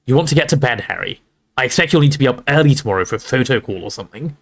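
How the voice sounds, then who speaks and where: A man's voice: medium pitch, expressive, very fast. A man voicing a jealous, sarcastic teenage boy who sulks at a friend he believes is lying. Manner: sarcastic, sulky, skeptical.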